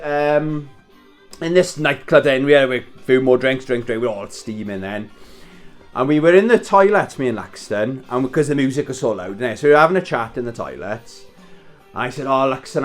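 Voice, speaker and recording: A Welsh man in his thirties telling a rambling story in casual chat, swearing and laughing as he wraps presents at home. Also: medium pitch. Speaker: vlogger.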